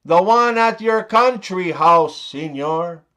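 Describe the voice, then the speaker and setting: A man's voice: high-pitched, animated, takes it slowly, sharp tone, exaggerated voice. A man voicing a male servant who politely reports one disaster after another. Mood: deadpan polite. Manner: deferential, keeps saying sir. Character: male servant delivering bad news politely.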